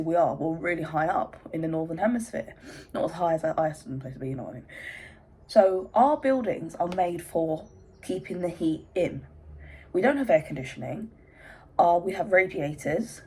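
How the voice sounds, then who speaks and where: A woman's voice: fairly low pitch, animated, moderate pace, warm tone, husky, poor audio. A young English woman chatting in a rambling vlog from her bedroom, out of breath with hay fever. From England. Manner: chatty, rambling, self-interrupting. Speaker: vlogger. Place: bedroom at home.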